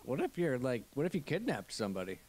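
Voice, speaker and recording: A man's voice: mid-range voice, big pitch swings, fast, darkish tone. A man in a casual podcast chat who makes dry, teasing remarks. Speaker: podcast guest.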